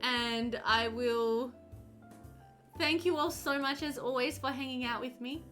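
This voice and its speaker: Young woman streamer rambling to chat, giggly, bit high voice, quiet music underneath. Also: measured pace. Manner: chatty, warm, giggly, reads chat aloud. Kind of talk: casual chat with live chat while gaming.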